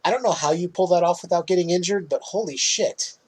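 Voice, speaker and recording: Guy on a podcast retelling a movie, kinda high husky voice, swears n laughs a lot. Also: brisk, darkish tone, low-quality recording. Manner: loose, swearing, laughs often. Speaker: podcast co-host. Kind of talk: casual movie recap.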